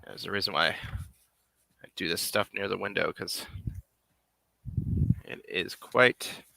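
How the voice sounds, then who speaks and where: A man's voice: low-pitched, slow pace, gravelly, sharp tone, no room sound. A man making a puppet on a live stream, rambling casually and half to himself as he works. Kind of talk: casual live-stream chat while working.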